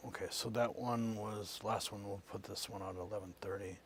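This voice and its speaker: A man's voice: on the low side, fairly even intonation, brisk, slight background noise. Man hosting a live online news show. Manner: shifts between loud punchy read and quiet muttered asides.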